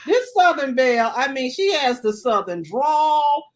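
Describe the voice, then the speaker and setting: A woman hosting a casual livestream chat. She is chatty and animated and tags her sentences with "okay?". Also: sits high, measured pace. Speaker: host.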